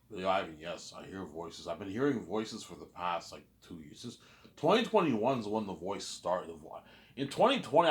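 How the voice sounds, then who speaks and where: A man talking in a casual, rambling monologue, halting and repeating himself often. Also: sits low. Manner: repetitive, halting, many restarts. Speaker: vlogger.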